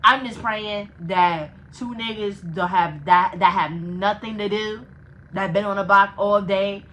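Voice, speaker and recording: A young woman vlogger telling a casual storytime, animated and profane, laughing between phrases. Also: mid-range voice, measured pace, slight background noise, rough recording.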